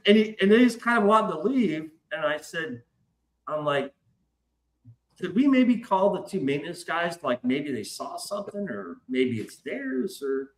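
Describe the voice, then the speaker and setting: A podcast host tells a story casually and with plenty of profanity, acting out the voices of the people he quotes. His voice is fairly high and a bit bright, and the recording has a roomy echo.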